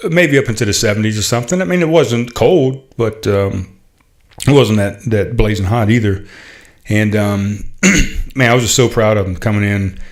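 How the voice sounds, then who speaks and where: A middle-aged man hosting a podcast, telling a heartfelt story in a halting, casual way, full of fillers and restarts. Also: fairly low pitch. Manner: heartfelt, proud. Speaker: podcast host.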